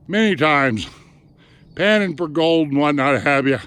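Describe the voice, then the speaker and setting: A man's voice: on the high side, animated, measured pace, a bit bright, clean tone. Folksy man narrating a mountain hike. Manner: folksy, plain-spoken, chatty. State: somewhat out of breath. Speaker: hiking vlogger. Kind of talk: casual narration while hiking. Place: outdoors on a mountain trail.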